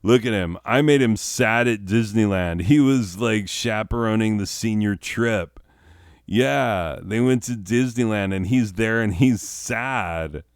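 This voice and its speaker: Guy doing a smug teen witch kid, bragging and rambling, slow and kinda low. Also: dry recording, studio quality. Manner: rambling, boastful, full of fillers. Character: petty boastful teenage boy witch. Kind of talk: comedic character monologue.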